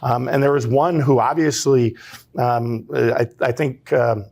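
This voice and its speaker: A man of middling pitch answering as a guest in an interview. He speaks earnestly and at a measured pace, often pausing and restarting his sentences. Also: steady tone, gravelly, a little mellow. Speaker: trade association president, guest. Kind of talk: interview conversation.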